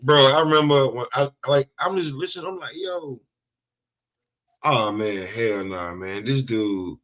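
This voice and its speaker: A man's voice: medium pitch, normal speed, fairly bright tone, poor audio. A man co-hosting a sports talk podcast, ranting in a loose, profane way and leaning on "bro". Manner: profane, rambling, heavy on "bro". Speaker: podcast co-host. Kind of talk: casual trash-talk chat.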